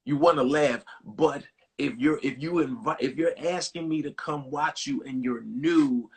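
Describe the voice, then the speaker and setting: A middle-aged man co-hosting a casual chat, who listens and answers with steady, reflective remarks. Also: fairly high pitch, unhurried, slightly rough.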